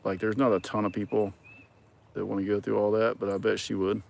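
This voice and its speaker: A man's voice: lowish voice, level tone, a little fast, vocal fry, a little mellow. A man hosting a casual livestream, reading viewer comments and talking in a rambling way with many ums and some dry sarcasm. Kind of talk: casual chat.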